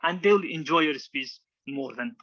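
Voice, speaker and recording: Brief: male speaking coach, fairly high bright voice, dull lo-fi recording. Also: expressive, moderate pace. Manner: demonstrative, acts out examples, frequent restarts. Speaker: public speaking club instructor. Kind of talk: informal teaching talk with slides.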